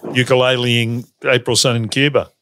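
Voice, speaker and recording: A man's voice: medium pitch, level tone, bright, forceful tone, no room sound, studio quality. An Australian man hosting a radio show, chatting in a rambling, easygoing way. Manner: chatty, rambling, quick to laugh. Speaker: radio host. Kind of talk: casual radio chat.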